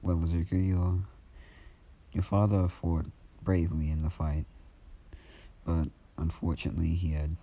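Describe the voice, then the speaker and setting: A man's voice: deep voice, little pitch movement, unhurried, dark tone, dull audio. A man voicing a solemn military officer delivering bad news in a subdued way. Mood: grave.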